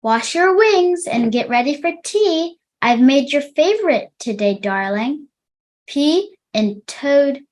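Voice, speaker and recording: A doting mother dragon from a children's storybook, voiced by a woman reading aloud, pitched well above an already high voice and spoken fairly loud. She fusses over her son in a slow, warm, motherly way. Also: expressive.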